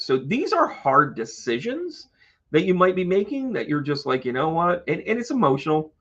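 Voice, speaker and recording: Guy doing a casual astrology stream, gravelly voice, kinda dull lo-fi audio, jokes around w viewers. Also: on the high side, very animated, moderate pace, a bit bright. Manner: chatty and joking, talking to viewers by name. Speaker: astrologer and tarot reader hosting a live stream. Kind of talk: casual live stream chat.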